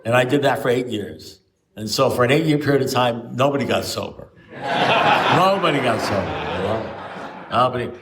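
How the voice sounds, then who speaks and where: Telling stories to a recovery group, a man rambles and keeps restarting, speaking briskly at medium pitch. The meeting-room recording has him far from the mic, with background noise.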